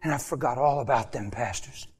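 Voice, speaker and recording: A man's voice: mid-range voice, brisk, husky. A man preaching an impassioned sermon, repeating phrases for emphasis and dropping to a near whisper. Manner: emotional, with rhetorical repetition and sudden drops to a near whisper.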